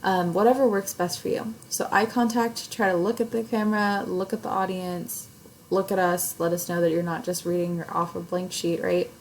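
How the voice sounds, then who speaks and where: A woman's voice: on the low side, flat delivery, normal speed, a little hiss or hum, rough recording. A young adult woman teacher recording a video lesson, explaining an assignment casually step by step with many fillers. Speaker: English teacher. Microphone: recording herself on camera at home or in class setup.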